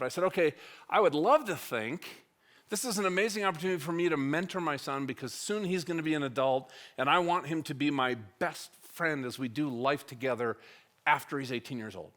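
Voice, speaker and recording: A man's voice: on the high side, brisk. A middle-aged man speaking at a church, telling a personal story and acting out the conversations in it. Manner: animated, acts out dialogue with wide swings in loudness.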